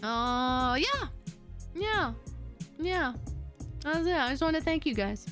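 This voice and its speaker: A VTuber streamer wraps up a casual chat stream, her high, sing-song voice slow and fairly bright over faint background music. She rambles and giggles, chatting with viewers and reading their messages aloud.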